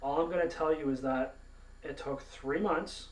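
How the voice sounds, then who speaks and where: A man's voice: a little high, normal speed. A man from Canada giving a profane, indignant rant to camera as a gaming vlogger. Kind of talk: ranting monologue to camera. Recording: roomy, mic at a distance.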